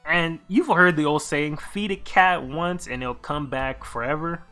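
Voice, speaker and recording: A male streamer telling a story in an excitable, slangy, profane rant. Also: on the high side, measured pace, faint music behind. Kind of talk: animated storytelling commentary.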